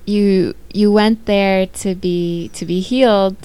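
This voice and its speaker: A woman co-host with a smooth, clear voice at middle pitch. She talks fast and with amusement, reflecting on a story in casual chat. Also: steady tone, mellow.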